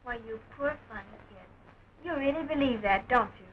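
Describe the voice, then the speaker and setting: An actress playing a soft, tearful young woman jailed for murder, from a dull old film soundtrack. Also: a little high, normal speed, slight background noise, lightly acted.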